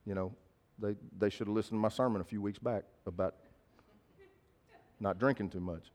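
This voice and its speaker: A man's voice: on the low side, steady tone, fairly quick, darkish tone. A man preaching a sermon, telling a personal story in a conversational, emphatic way and repeating key phrases. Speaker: pastor.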